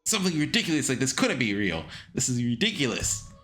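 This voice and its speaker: A man's voice: mid-range voice, sing-song, brisk, fairly bright tone, faint music behind. A man reading aloud the lines of a frightened young man who keeps asking himself whether he is dreaming. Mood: anxious. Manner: panicked self-questioning, rising to frantic. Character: young man, frightened protagonist unsure what is real.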